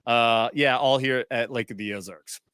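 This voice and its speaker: A man's voice: medium pitch, normal speed, fairly bright tone, smooth, no room sound, studio quality. A drunk man co-hosting a podcast, talking loosely and swearing often in casual chat. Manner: loose and profane. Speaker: podcast co-host.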